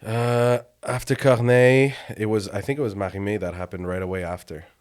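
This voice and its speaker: A young man from Quebec, a music producer guest chatting casually on a podcast, telling animated stories and acting out quotes with frequent laughter. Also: lowish voice, moderate pace, clean tone. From Quebec, Canada. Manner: animated storyteller, acts out quotes, laughs often.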